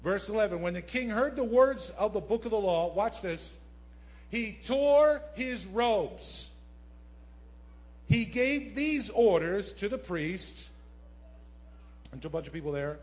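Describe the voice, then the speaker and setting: High-voiced guy preaching in church, lively, keeps throwing asides at the crowd. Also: slow pace, pauses often. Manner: animated preaching with asides to the congregation. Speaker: pastor. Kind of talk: sermon. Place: church sanctuary.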